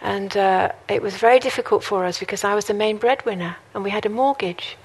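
A woman's voice: mid-range voice, fairly quick, slightly rough. Earnest woman preaching a sermon. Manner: earnest, personal and conversational. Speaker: guest preacher.

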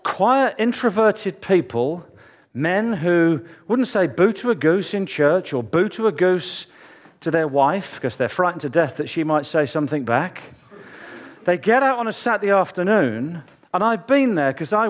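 A male preacher delivers a church sermon in a fairly high voice. He talks in a chatty, joking way, spinning stories and throwing asides to the people listening. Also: very animated, unhurried. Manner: chatty, jokey storytelling with asides to the congregation.

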